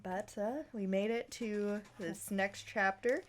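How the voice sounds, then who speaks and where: A woman's voice: mid-range voice, slow pace, slight background noise. A woman podcast host in casual chat, giggling as she reads her own fan fiction aloud with playful emphasis.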